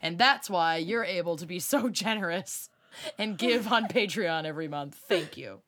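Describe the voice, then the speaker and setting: A woman's voice: lowish voice, normal speed, fairly bright tone. A woman co-hosting a podcast, reading out supporter names in playful, profane casual chat and laughing often. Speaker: podcast co-host.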